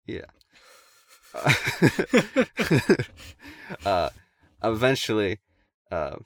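A man's voice: fairly low pitch, fairly bright tone, dry recording. A man casually telling a long story to friends, swearing and laughing as he goes.

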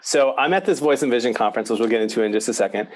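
A man's voice: medium pitch, rapid-fire. Story-telling man on a podcast. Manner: storytelling, animated. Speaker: podcast co-host, youth minister. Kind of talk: casual chat.

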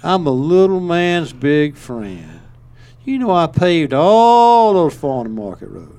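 A man voicing a drunk older Southern governor who boasts slowly and stumbles over his words. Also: on the high side, very animated, dark tone, voice pushed up, heavily acted. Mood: boastful. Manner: slow, slurred, stumbling speech.

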